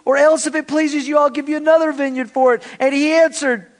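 Brief: man voicing a pouting, weepy male king, whining loud and high. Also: steady tone, brisk. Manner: whiny and sobbing.

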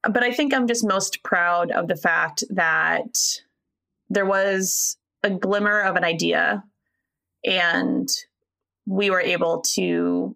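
A woman's voice: on the low side, gravelly, bright, forceful tone. A woman co-hosting a casual chat, reflective and earnest with some wry teasing. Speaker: co-host.

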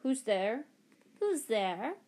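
A woman's voice: fairly high pitch, very animated, drawn-out words, a little mellow, exaggerated voice. Woman voicing a mischievous male poltergeist, taunting, singsong, storybook.

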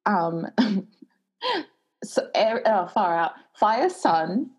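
A woman's voice: mid-range voice, very slow, darkish tone, husky. A woman co-hosting a casual chat, playful and teasing, laughing often. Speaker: podcast co-host.

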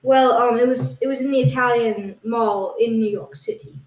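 A woman's voice: on the high side, steady tone, moderate pace, darkish tone. A woman co-hosting a comedy podcast, hesitantly and earnestly defending absurd claims. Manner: hesitant, insisting on absurd claims with a straight face. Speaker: podcast co-host. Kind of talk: improvised comedy banter. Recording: echoey room.

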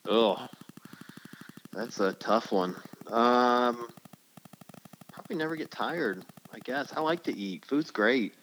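A middle-aged man speaks as a podcast guest, answering questions at an easy, conversational pitch. He laughs often and wanders through long, rambling answers. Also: takes it slowly, long pauses, fairly bright tone, slight background noise, low-quality recording. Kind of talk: casual podcast interview.

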